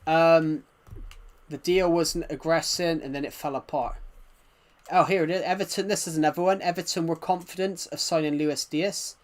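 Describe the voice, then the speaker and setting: A man's voice: on the high side, fairly even intonation, moderate pace. Chatty man, English-Welsh border accent. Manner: rambling, talks to viewers' comments. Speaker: livestreamer. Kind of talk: casual livestream chat.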